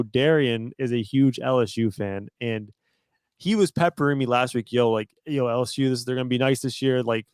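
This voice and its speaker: A man's voice: mid-range voice, darkish tone, dry recording. A young man co-hosting a sports podcast, retelling a game with laid-back amusement. His voice sits in the middle, recorded close and dry. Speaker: podcast co-host. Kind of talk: casual sports chat.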